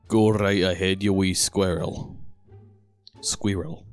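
A man's voice: low voice, fairly even intonation, slow, clean tone, faint music behind. A man recording voice lines casually, muttering retakes to himself. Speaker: amateur voice actor.

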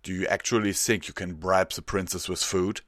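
A man's voice: extremely low pitch, moderate pace, a bit bright, slightly rough, no echo, clean studio sound, heavily acted. A man voicing a stern stallion captain of the royal guard who speaks in a commanding, reproachful way.

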